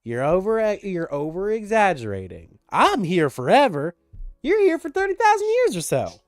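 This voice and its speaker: A man's voice: high-pitched, huge pitch swings, normal speed, no echo, soft background music, voice pushed up. A man voicing a sly female halfling goddess who puts on a sweet Southern accent and calls the listener sugar. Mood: coaxing. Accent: American Southern (put on). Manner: syrupy, coaxing, calls the listener sugar and honey.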